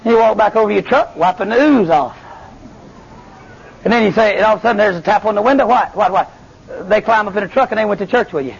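A man preaching a revival sermon, animated and calling out to the congregation. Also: high-pitched, fast talker, vocal fry, slightly rough, muffled recording. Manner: animated, calls to the congregation, Southern.

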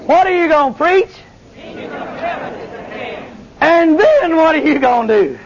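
A man preaching a revival sermon, animated and calling out to the congregation. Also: very high voice, normal speed, muffled recording. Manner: animated, calls to the congregation, Southern.

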